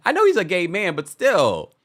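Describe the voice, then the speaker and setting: Animated sassy male recap host. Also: sits high, normal speed. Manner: animated, sassy, reads chat comments aloud. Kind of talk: casual reality TV recap with live chat.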